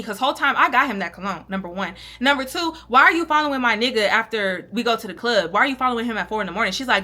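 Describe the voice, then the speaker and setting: A young woman vlogger tells a story in a casual, animated way, full of slang and swearing, and she acts out what people said. Her voice sits high. It rings bright and sharp. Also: fast, few pauses.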